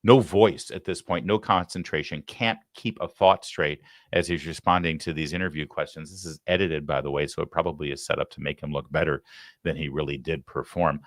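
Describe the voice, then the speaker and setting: A man's voice: a bass voice, fairly even intonation, a little fast, no echo. A man hosting a live political talk show, delivering heated, sarcastic commentary into a studio microphone.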